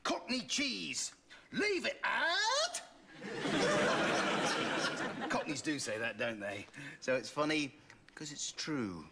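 Nervous ad account man, sitcom, fairly high voice, bouncy intonation, loud background noise. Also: very animated, slow pace, gravelly, pauses often, exaggerated voice. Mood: bluffing. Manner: flustered, giggly, anxious bravado. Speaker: sitcom character.

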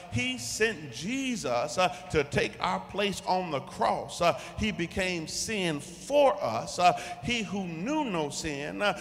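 Bright-voiced preacher in an echoing church. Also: male voice, on the high side. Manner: preaching with frequent "uh" fillers and repetitive call-and-response litany. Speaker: guest preacher. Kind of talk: sermon. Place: church sanctuary. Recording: long church reverb.

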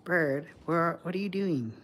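Man host, doting soft-spoken pet talk, low hiss behind. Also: moderate pace. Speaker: livestream host with pet birds. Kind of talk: casual chat with pets and viewers.

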